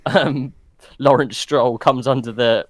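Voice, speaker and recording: A man co-hosting a podcast, chatting casually about motor racing with quick joking asides. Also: mid-range voice, fairly even intonation, dry recording. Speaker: podcast co-host. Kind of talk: casual sports chat.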